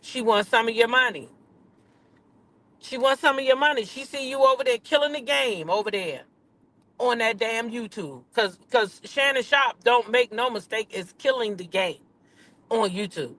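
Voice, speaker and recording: A woman's voice: on the high side, normal speed, a bit bright. A woman hosting a casual gossip commentary, talking in a sassy, emphatic way and repeating her points for effect. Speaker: commentary channel host.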